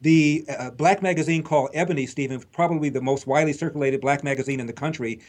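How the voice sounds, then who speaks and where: A man's voice: a little high, quick pace. A man in casual political talk, dry and sardonic, pointing his questions at the host. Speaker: guest.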